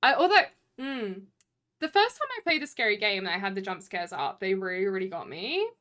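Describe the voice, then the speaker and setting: A woman's voice: mid-range voice, big pitch swings, a little fast, bright, forceful tone. A young woman chatting casually with her stream viewers. She rambles and fills her talk with "like" and "you know". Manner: rambling, chatty, heavy use of "like" fillers. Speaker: live streamer.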